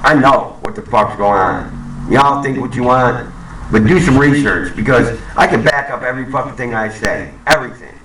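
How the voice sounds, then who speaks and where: A man's voice: medium pitch, moderate pace, reverberant, far from the mic, background noise. A man ranting angrily to camera, swearing and repeating himself, in a profane monologue. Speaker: vlogger. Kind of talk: profane conspiracy rant to camera.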